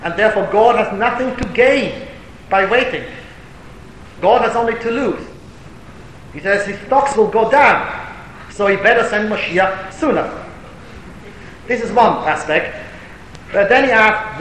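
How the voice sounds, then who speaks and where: A man's voice: normal speed, pauses often, a bit bright. A man giving a Torah lecture as a rabbi answering a question, telling stories and rising to emphatic declamation, with Hebrew and Yiddish terms mixed in. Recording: echoey hall with faint rumble.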